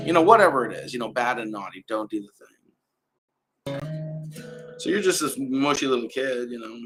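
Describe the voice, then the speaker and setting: A man hosting a casual live stream at home, talking in a relaxed, rambling way with frequent restarts. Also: mid-range voice, brisk, long pauses, over music. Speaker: host. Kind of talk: casual livestream talk. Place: indoor home setup with adjustable lights. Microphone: camera mic on a live stream.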